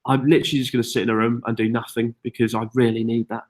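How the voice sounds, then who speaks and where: A British man leads a relaxed live chat from a log cabin up a mountain. He reads out viewers' questions and answers them in a chatty, self-mocking way, with an easy, mid-pitched voice. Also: very fast. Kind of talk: casual live-stream chat.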